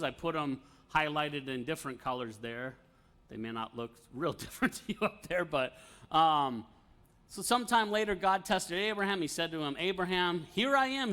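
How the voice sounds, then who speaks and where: A man's voice: fairly high pitch, a bit bright. A man teaching an informal Bible study, talking conversationally with fillers and light laughs.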